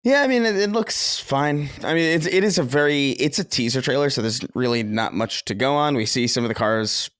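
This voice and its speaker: A man co-hosting a podcast in casual chat, sardonic and quick to swear. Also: mid-range voice, smooth, no room sound, clean studio sound. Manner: animated, sardonic, swears freely. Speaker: podcast co-host.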